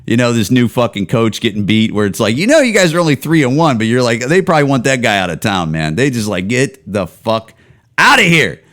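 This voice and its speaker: Male podcast host, 40s, mid-pitched, heated and profane solo rant. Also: sing-song, fast, hardly any pauses. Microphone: home camera setup.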